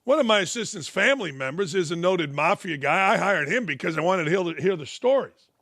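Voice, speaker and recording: A man's voice: high-pitched, lively intonation, a little fast, fairly bright tone, no echo, clean studio sound. A man, hosting a sports talk show in a blunt, sarcastic, heated monologue. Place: studio.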